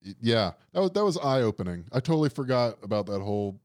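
A man's voice: mid-range voice, big pitch swings, quick pace, darkish tone, no room sound, clean studio sound. A young man from New Orleans telling stories in a casual chat, wry and rambling, often laughing at his own tales.

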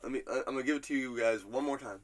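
A man's voice: mid-range voice, racing, a little hiss or hum. A man hosting a casual podcast quiz game, loose and profane, laughing often between reading out quotes. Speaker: quiz host.

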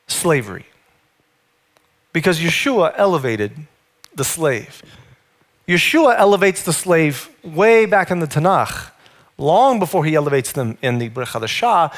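A male pastor with a high, light voice delivers a sermon. He talks in a conversational storytelling manner and speaks to his listeners directly. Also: a bit bright.

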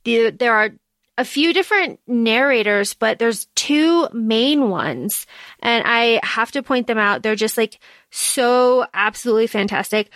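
A woman with a slightly higher voice co-hosts a podcast in casual chat. She speaks thoughtfully, with pauses and fillers as she gathers her words. The sound is close and dry. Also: lively intonation, fairly bright tone, no echo. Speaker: podcast co-host.

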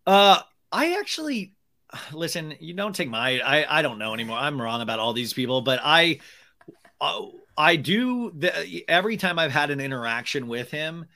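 A man chatting casually as a podcast guest, telling rambling, animated stories with many restarts. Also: fairly high pitch, moderate pace. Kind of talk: casual chat.

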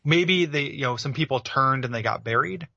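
A man's voice: mid-range voice, normal speed, creaky, sharp tone, highs cut off. A man co-hosting a podcast, chatting casually about a video game with lots of filler words. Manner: rambling, full of filler words. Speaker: podcast co-host.

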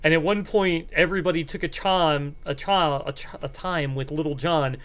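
A man's voice: a little high, fairly even intonation, moderate pace, a bit bright. A man co-hosting a podcast in casual chat, stumbling over words with restarts and laughing often. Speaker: podcast co-host.

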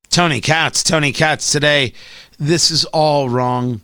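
A man's voice: fairly high pitch, fairly even intonation, slow pace, bright, forceful tone, no room sound. A man hosting a talk radio show, delivering an opinionated, sarcastic monologue into a studio microphone. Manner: sarcastic, mocking, does voices.

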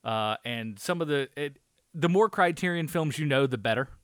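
A man's voice: fairly high pitch, lively intonation, moderate pace, a bit bright, smooth, no room sound, clean studio sound. A man co-hosting a movie review podcast, chatting casually in a rambling way, with lots of swearing and fillers. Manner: rambling, profane, filler-heavy. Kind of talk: casual chat.

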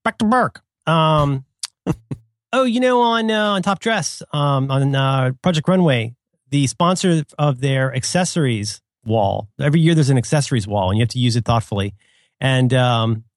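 A man's voice: medium pitch, normal speed, dry recording, clean studio sound. A man co-hosting a podcast in casual chat, playful and joking, often drifting into silly sung bits. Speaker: podcast co-host.

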